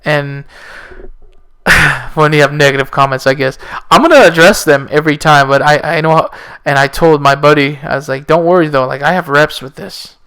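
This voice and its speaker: Male teacher and podcast host; smooth, slightly high voice, sarcastic and rambling. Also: normal speed, bright, forceful tone. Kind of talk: casual solo podcast talk.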